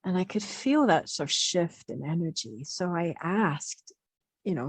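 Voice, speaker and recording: Low, breathy, slow-speaking woman. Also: lively intonation, dry recording. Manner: soft, gentle, hesitant with frequent fillers. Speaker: quantum healing practitioner. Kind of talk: reflective spoken monologue sharing channelled messages.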